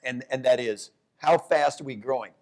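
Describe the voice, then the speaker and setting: A man, an economics professor, talking economics onstage at a live event, animated, often restarting his sentences. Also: moderate pace. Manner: animated storyteller, jumps to high voices for quotes; restarts and self-corrections. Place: downtown event hall with live audience.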